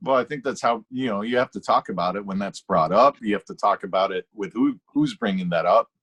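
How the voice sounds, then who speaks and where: A man's voice: lowish voice, brisk. A man co-hosting a casual fantasy football podcast, rambling and restarting his thoughts as he argues a point. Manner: rambling, self-interrupting, animated. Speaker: podcast co-host.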